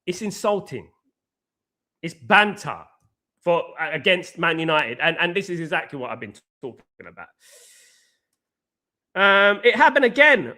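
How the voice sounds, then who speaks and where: A man's voice: on the high side, big pitch swings, measured pace, pauses often, sharp tone. Emphatic man ranting about football. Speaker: host. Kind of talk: casual live stream football talk.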